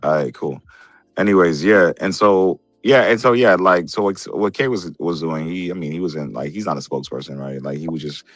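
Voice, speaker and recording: Deep, dry-sounding man, casual host, defensive, moderating, music faint behind. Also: a little fast, no echo. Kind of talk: casual group chat.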